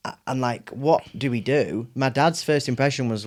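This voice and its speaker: In a laid-back podcast conversation, a male guest recounts a tale with plenty of animation, mimicking his family and laughing a lot. His pitch is medium and his pace moderate.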